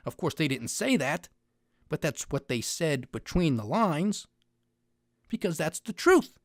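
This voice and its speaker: A man's voice: high-pitched, fairly bright tone, dry recording, clean studio sound. A man giving an opinionated monologue on finance news, sarcastic and mocking, with heavy emphasis.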